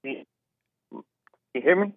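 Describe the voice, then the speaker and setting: A man calling in to a radio show, asking a question haltingly with many fillers over a poor phone connection. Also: dry recording. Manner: hesitant, filler-heavy. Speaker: caller. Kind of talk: call-in question. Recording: muffled, tinny phone line.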